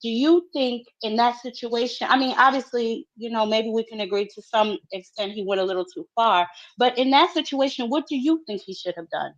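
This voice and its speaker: A woman on a sports talk panel, building her point in long, measured run-on questions. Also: on the high side. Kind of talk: heated sports talk debate. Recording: dull lo-fi remote audio.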